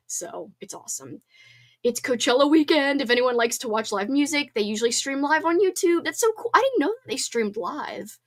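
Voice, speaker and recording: A woman in her thirties hosting a casual livestream hangout, chatting and reading viewer comments aloud. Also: fairly high pitch. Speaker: host.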